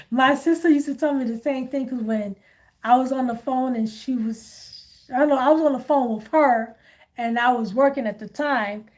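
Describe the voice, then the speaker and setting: Woman, casual live-stream chat, chatty storyteller, fairly high voice, laughs often. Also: a little slow. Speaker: tarot reader hosting a live stream.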